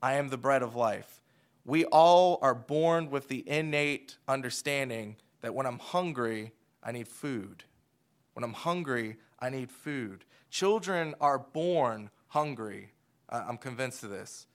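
A man in his thirties preaching a sermon, switching from hushed asides to loud, emphatic lines. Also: mid-range voice, expressive, measured pace. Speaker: pastor.

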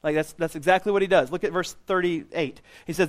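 A man in his thirties preaching a sermon as pastor, animated and getting loud when he acts out what others say. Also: fairly high pitch, fairly quick.

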